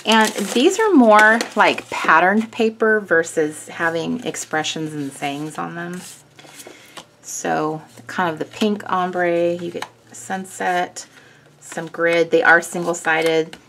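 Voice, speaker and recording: Low-voiced woman chatting through a craft kit. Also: fairly bright tone, a little hiss or hum. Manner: chatty and gushing, with small self-corrections. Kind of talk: casual product walkthrough.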